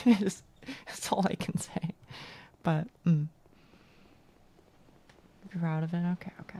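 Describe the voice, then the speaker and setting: A woman streamer with a gruff, gravelly voice chatting casually while gaming, rambling and cutting herself off. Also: deep voice, unhurried, pauses often, a little mellow. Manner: rambling, self-interrupting, laughs often.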